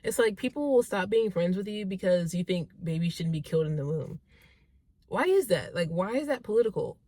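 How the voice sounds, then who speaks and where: A woman's voice: fairly low pitch, animated, normal speed, warm tone, no room sound. A young woman vlogging casually to camera, chatty and enthusiastic, often rambling and correcting herself. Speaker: vlogger answering viewer questions. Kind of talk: casual talking-to-camera vlog.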